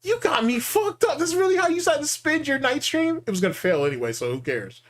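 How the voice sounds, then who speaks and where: Man, reaction commentary host, sarcastic, incredulous, animated pitch. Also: quick pace.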